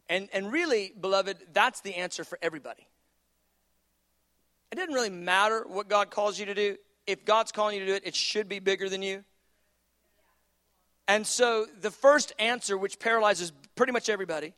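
A man with a fairly high voice preaches with passion, telling scripture stories in an easy, conversational way. He chuckles between thoughts, drops low for quiet asides, then climbs into loud, emphatic declarations. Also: moderate pace. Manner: chuckles often while preaching; informal, conversational retelling of scripture. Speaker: pastor. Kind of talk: sermon.

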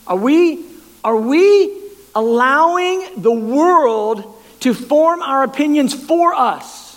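A male preacher delivers an impassioned sermon, often doubling back and stammering on words as he presses his point. His voice sits fairly high for a man, and a long hall reverb trails after each phrase. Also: expressive, takes it slowly.

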